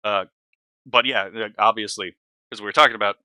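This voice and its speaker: A man's voice: fairly low pitch, fairly even intonation, fairly quick, sharp tone, no room sound. A man hosting a reaction video, talking casually in a rambling, blunt, opinionated way with many fillers.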